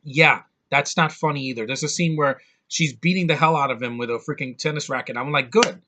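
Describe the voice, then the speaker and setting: A man's voice: medium pitch, fairly quick, pushed and bright. A man giving a blunt, sarcastic, profane rant as a movie reviewer. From United States.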